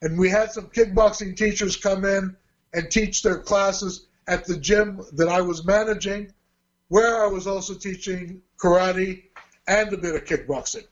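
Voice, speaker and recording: A man's voice: high voice, steady tone, measured pace, highs cut off. A man, a martial arts teacher and fight promoter, telling his story in an interview in a chatty way with restarts. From Australia. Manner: chatty, with restarts and quoted dialogue.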